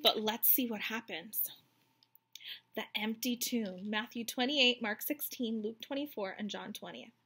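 Bright, high-voiced woman reading bedtime stories. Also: a little slow, husky. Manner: expressive, tender storytelling to a child.

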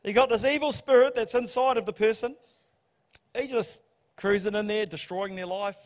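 A man preaching a sermon, telling the story in a humorous, animated way. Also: sits high, moderate pace. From New Zealand. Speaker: pastor. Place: church hall. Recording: church hall reverb.

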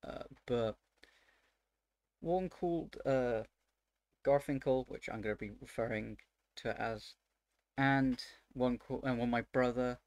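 A man with a gravelly, fry-edged voice tells how his tabletop game session went, dungeon master style. He rambles and stacks up fillers, then gets worked up and exasperated. The sound is close and dry with no room around it. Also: mid-range voice, a little slow, long pauses, no echo, lo-fi sound. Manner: rambling, full of fillers, grows excited and exasperated.

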